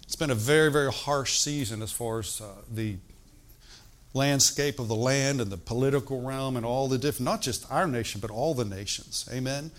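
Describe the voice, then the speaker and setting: An older pastor teaches a sermon in an easygoing, talky manner, frequently checking in with the congregation through call-and-response asides. His mid-range voice moves at a normal speed.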